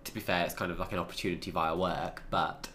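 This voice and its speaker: A young man from England chats easily, with a deep voice and plenty of fillers. He laughs often as he talks. A faint background hiss sits under him. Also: steady tone, fast talker, sharp tone. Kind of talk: casual chat.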